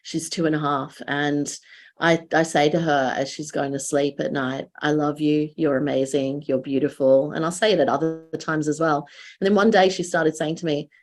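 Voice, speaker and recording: A woman's voice: sits low, steady tone, moderate pace, a little mellow. A woman in her thirties with an Australian accent, co-hosting a podcast and telling stories in casual chat. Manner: storytelling, quoting her children. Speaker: podcast co-host.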